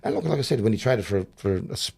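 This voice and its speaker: A man's voice: fairly low pitch, expressive, fast, vocal fry, a little mellow, breathy edge. A middle-aged man with an Australian accent, a boxing coach chatting in an interview, rambling and restarting his sentences. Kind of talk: casual interview chat.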